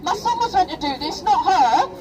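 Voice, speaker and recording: With a very high voice, lively intonation and a normal speed, a middle-aged woman from Rochdale, England, gives a passionate, emotional speech at a street protest, checking in with the crowd again and again with "yeah?" The sound is a distant outdoor crowd recording.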